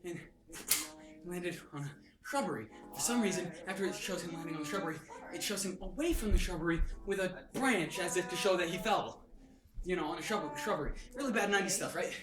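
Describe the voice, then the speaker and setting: A hyper young man retelling a movie in a casual, excited way, laughing and making sound effects, filmed on his sister's phone. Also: high-pitched, brisk, crowd noise. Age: young adult. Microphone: phone held by his sister. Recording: roomy and far from the phone, with music.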